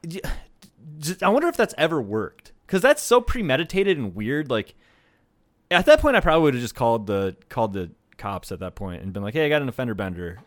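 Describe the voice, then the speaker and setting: A man co-hosting a podcast, telling a story in a rambling, profane, animated way. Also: medium pitch, fairly quick, dry recording. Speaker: podcast co-host. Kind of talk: casual storytelling chat.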